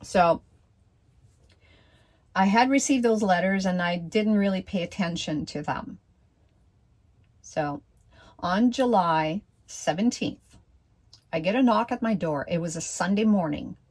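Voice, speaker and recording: A woman's voice: on the low side, lively intonation, a little mellow. A woman casually telling a personal story, hesitant, with many fillers and restarts. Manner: slow, deliberate delivery.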